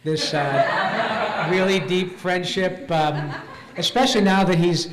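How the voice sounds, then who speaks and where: A man's voice: high voice, animated. A man on a voice actor panel, chatting casually and rambling with lots of fillers and laughs. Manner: rambling, halting, laughing often. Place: convention panel room. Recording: echoey convention hall with faint noise.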